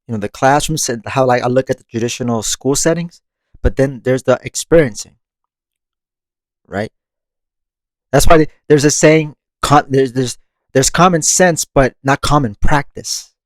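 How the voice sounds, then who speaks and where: A man's voice: medium pitch, unhurried, long pauses, no echo. Laughing man musing on spiritual growth. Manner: conversational, laughs often, frequent restarts and casual swearing. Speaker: podcast host. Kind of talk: casual spiritual reflection.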